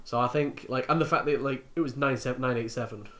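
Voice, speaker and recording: A man's voice: medium pitch, steady tone, quick pace, pushed and bright, slight background noise. A man hosting a board game playthrough, chatting casually at the table and laughing often. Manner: laughs often, wraps up the episode.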